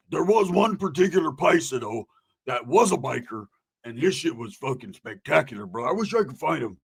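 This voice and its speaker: A man telling crude, animated stories in a casual, profane way, often tagging right? onto his lines. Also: mid-range voice, normal speed, gravelly, husky. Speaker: podcast host telling stories.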